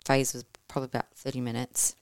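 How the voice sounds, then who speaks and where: A woman with a low voice tells her birth story in a casual, animated way. She swears easily and acts out her own past words. The sound is dry and close. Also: quick pace, clear, resonant tone, no echo. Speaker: podcast guest telling her birth story.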